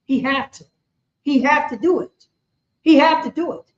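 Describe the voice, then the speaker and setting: A high-pitched woman preaches a street-style sermon, circling back over her points with lots of "you know what I'm saying". The sound is echoey and dull, as if captured on a lo-fi recording in a bare room. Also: normal speed, slight background noise. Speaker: preacher teaching scripture.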